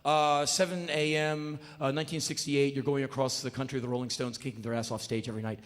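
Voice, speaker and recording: A man performing a live spoken word monologue, telling a story in an intense, animated and profane way, often mocking himself. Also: mid-range voice, fast. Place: stage in a large venue. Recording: echoey live hall with faint noise.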